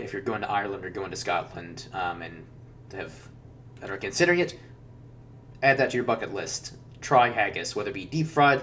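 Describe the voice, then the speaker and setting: Low-voiced man rambling about travels. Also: a bit bright. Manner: rambling, filler-heavy, frequent self-corrections. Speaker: travel vlogger. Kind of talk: casual chat. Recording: distant mic with faint hum.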